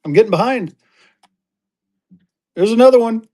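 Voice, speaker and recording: High-voiced upbeat livestream auction seller man. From Colorado. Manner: upbeat, rapid-fire adding items, gets excited.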